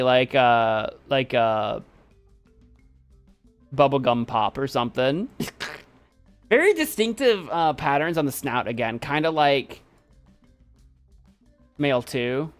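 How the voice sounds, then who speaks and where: A man's voice: fairly high pitch, smooth. A man chatting casually on a live stream, giving playful commentary.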